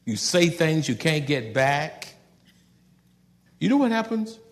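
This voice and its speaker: Animated man preaching with a gravelly voice. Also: fairly high pitch, slow, in a large hall. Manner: animated preaching, swings from loud outbursts to soft asides; folksy, conversational, laughs at own jokes. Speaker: pastor. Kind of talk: sermon.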